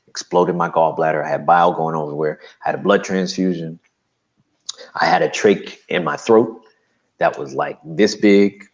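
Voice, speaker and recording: A man's voice: deep voice, vocal fry, dull audio. A man from New Jersey, a guest giving an emphatic personal testimony in an interview. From New Jersey, USA. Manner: animated, emphatic storytelling.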